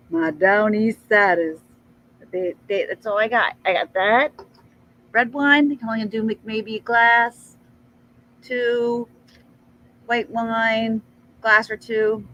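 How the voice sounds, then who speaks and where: A middle-aged woman vlogging at an unhurried pace, rambling through a personal story in a chatty, animated way. Her pitch often leaps up as she talks, and faint ambient noise sits behind her voice. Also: low-quality recording. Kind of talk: casual storytelling vlog.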